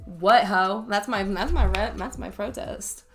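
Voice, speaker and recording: A woman's voice: mid-range voice, moderate pace, a little mellow, faint music behind. A woman, a special needs teacher co-hosting a casual podcast, talking bluntly and cursing freely. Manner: blunt, profane, ranting. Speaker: podcast co-host. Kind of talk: casual chat.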